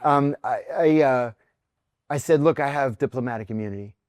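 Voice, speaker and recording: A man's voice: medium pitch, normal speed, darkish tone, no echo. Candid middle-aged man telling stories. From near Pittsburgh, United States. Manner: vivid anecdotes, acts out quoted voices. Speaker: podcast guest, former intelligence officer. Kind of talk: candid storytelling in conversation.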